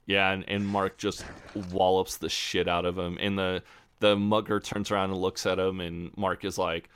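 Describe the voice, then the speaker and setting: Low-voiced man, casual podcast chat. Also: level tone, moderate pace, fairly bright tone, clear, resonant tone. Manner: swears freely, restarts sentences, acts out characters' lines. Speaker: podcast co-host. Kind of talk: casual chat recapping a show.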